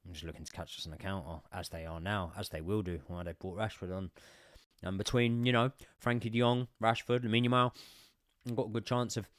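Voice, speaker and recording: Sweary football fan streamer. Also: male voice, on the low side, steady tone, a little fast, no room sound, studio quality. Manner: sweary, swings from muttering to shouting. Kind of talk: live match watchalong commentary.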